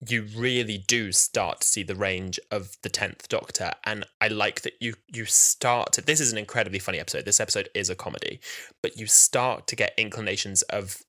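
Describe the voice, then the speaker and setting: A young man co-hosting a casual podcast, his voice bright and ringing, set a little low for a man. He talks in a lively way and acts out quoted lines in different voices as he goes. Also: brisk. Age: 20s. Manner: animated, quotes scenes in character voices. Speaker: podcast co-host.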